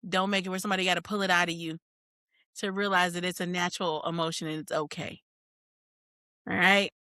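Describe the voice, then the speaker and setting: A woman's voice: on the low side, flat delivery, a little fast, sharp tone, clear, resonant tone, no room sound, clean studio sound. A woman co-hosting a podcast in casual chat, talking candidly, laughing often and acting out quoted exchanges.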